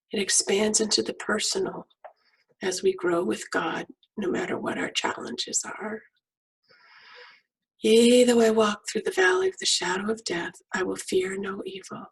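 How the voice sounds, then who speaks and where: Brief: middle-aged woman, prayer meditation leader, very breathy half-whisper, unhurried. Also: medium pitch, poor audio. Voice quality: soft, half-whispered delivery.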